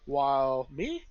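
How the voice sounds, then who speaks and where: A man voicing an excitable young royal third heir who rambles and corrects himself mid-sentence. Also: mid-range voice, lo-fi sound, full character voice. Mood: eager.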